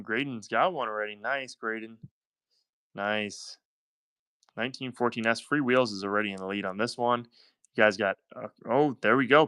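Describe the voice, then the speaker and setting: A man's voice: lowish voice, pushed and bright, clear, resonant tone, no room sound. Upbeat Southern man running auctions. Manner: upbeat, chatty, thanks buyers by name. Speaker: live-stream coin auction host. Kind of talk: live auction selling patter.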